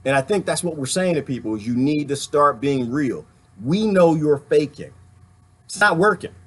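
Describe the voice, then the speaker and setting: A man hosting a casual livestream, reading viewer comments and preaching in an animated way, often laughing and slipping into funny voices. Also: a little high, moderate pace, slightly rough.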